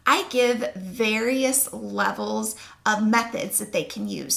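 Brief: woman coach, slightly high voice with vocal fry, reassuring instructional delivery. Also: a bit bright. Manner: reassuring, explains step by step. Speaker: sleep coach. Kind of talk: instructional talk to camera.

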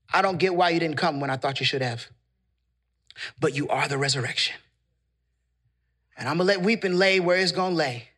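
A male pastor preaching an impassioned sermon in a church, building into shouted, repeated refrains. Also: a little high.

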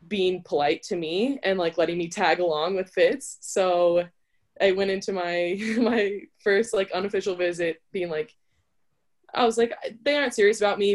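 A woman's voice: on the low side, darkish tone. A young adult woman, an interview guest and college volleyball player, telling her story in a chatty, casual way that is full of "like". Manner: chatty, with frequent filler "like".

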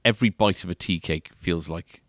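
Deep-voiced man chatting. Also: a little fast. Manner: chatty, rambling, laughs easily. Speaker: podcast co-host, guitar shop staff. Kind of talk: casual chat.

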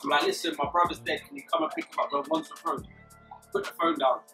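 A man's voice: on the high side, sing-song, quick pace, vocal fry, music in the background, poor audio. A young man with a London accent walking outdoors around a housing estate, casually pointing out places as he tells what happened. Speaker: documentary subject. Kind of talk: walking tour narration.

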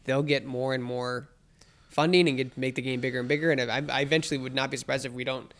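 A man co-hosting a casual chat, excitable and rambling, restarting his sentences often. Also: medium pitch, fast talker. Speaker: podcast co-host.

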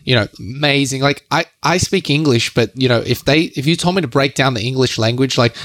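A man's voice: mid-range voice, a little fast, dry recording. Young male co-host, casual and slangy, close dry mic. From Australia. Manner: loose and slangy, animated storytelling. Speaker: podcast co-host. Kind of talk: casual chat.

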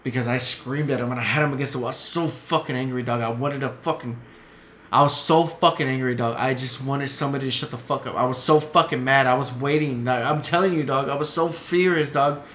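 A man's voice: medium pitch, steady tone, fast, hardly any pauses, a bit bright. A man telling a story in casual chat as a podcast guest, blunt and heated, swearing often. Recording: echoey room, faint noise.

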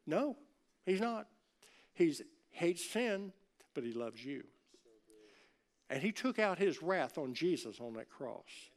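A man preaching a sermon in a church, talking with the congregation in an easy, conversational way. His voice sits a little higher than most men's. He swings from loud, emphatic peaks down to soft, low asides. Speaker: pastor.

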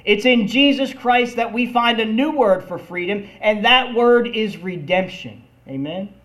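Slow, emphatic high-voiced male preacher. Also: a bit bright. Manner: slow, emphatic preaching with call-and-response "Amen?". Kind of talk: sermon.

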